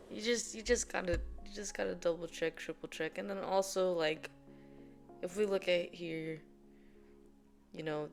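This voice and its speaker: A woman chatting casually as she explains things to her viewers, rambling through fillers and laughing often. Her voice sits a little low, with faint music in the background. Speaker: video host.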